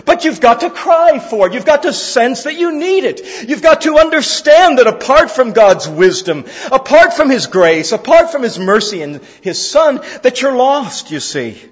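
A man's voice: extremely high pitch, big pitch swings, moderate pace, hardly any pauses. A man preaching a sermon at a church service, earnest and repetitive, building to emphatic calls. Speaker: pastor. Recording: roomy hall, slightly dull sound.

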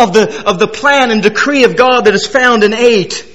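A man preaching an expository sermon, emphatic, repeating key phrases and dropping low and quiet to stress a point. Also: normal speed, hardly any pauses. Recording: long reverb of a large hall.

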